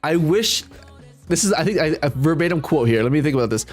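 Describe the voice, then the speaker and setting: Rambling man with a lively voice. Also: on the high side, a little fast, faint music behind. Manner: rambling, laughs often, many fillers. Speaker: live streamer. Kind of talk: casual live-stream commentary, reading chat.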